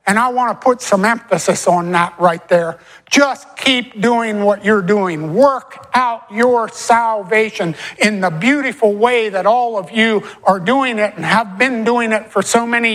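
A woman preaching a farewell sermon, slowing down and stretching key phrases and repeating short refrains. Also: sits high, a bit bright, poor audio.

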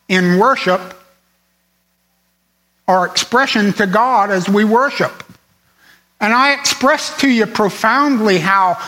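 Male preacher, slow deliberate sermon delivery, bright tone, emphatic repetition. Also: high voice, rough recording. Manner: earnest, emphatic, repeats phrases for stress.

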